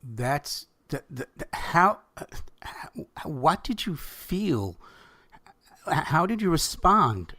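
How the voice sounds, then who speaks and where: Halting host, breathy and dry. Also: male voice, a little high, big pitch swings, bright, forceful tone, dry recording. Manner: halting, stumbling questions. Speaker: podcast host. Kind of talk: interview.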